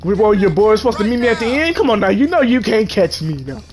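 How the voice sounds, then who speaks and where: A man commentating live on his gameplay, trash-talking in slang and bursting into shouts. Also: sits high, animated, fast talker.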